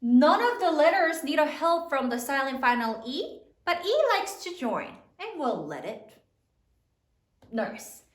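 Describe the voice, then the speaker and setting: A woman teacher leading a spelling lesson for third graders, slowly sounding out each letter and praising her students often. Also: high-pitched, big pitch swings, roomy sound.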